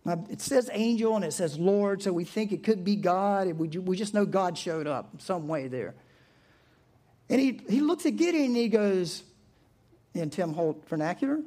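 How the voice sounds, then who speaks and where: A man's voice: high-pitched, moderate pace. A man preaching a sermon in a casual, storytelling manner. He acts out voices for the characters as he goes and often breaks into a chuckle. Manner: animated storytelling, acting out quotes, chuckling. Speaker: pastor.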